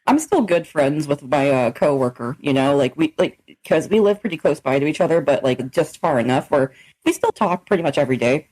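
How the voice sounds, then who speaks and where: A young woman chats bluntly on a podcast and swears without a second thought. Her pitch swings widely as she acts out the people in her stories. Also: animated, fairly quick, darkish tone. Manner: blunt, swears freely, acts out quoted exchanges. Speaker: podcast co-host. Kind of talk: casual chat.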